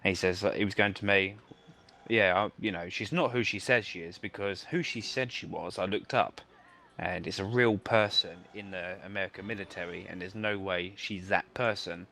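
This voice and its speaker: Low-pitched male gamer, casual rambling storyteller. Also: moderate pace, creaky, bright, forceful tone, a little hiss or hum. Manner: rambling anecdote, many fillers and restarts. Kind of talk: casual chat over gameplay.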